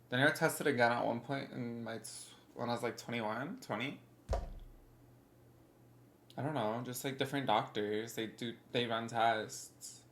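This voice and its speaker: A young woman in her twenties, a bit congested, rambling casually as she answers her livestream chat. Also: a bass voice.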